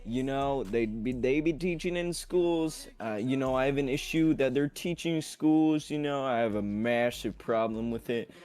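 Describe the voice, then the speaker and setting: A man voicing a loud, grumpy, gun-loving Mississippi redneck in a put-on Southern US accent, blustering and drawling. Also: mid-range voice, moderate pace, few pauses, clear, resonant tone, soft background music, pitched above the performer's own voice, natural voice.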